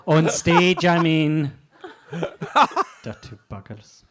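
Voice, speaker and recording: A Scottish man comic doing a crude stand-up routine, laying out deadpan setups before his punchlines. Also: on the high side, extremely slow, noisy background. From Scotland.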